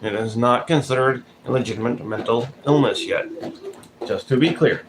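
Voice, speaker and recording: A man's voice: mid-range voice, moderate pace. A man giving blunt, profane commentary in a casual vlog, calling people out directly. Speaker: vlogger. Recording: noticeable background noise.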